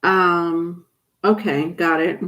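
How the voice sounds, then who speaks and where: Slow, low-voiced woman reading tarot. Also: steady tone, a bit bright. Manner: chatty, reads viewer comments aloud. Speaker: tarot reader. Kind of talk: live-stream tarot reading.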